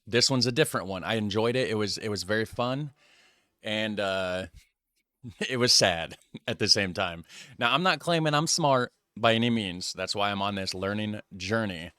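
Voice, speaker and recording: American man, reaction host, casual commentary, bright tone, dry close sound. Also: lowish voice, moderate pace, clean tone, no echo. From United States. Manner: chatty, musing aloud and hedging.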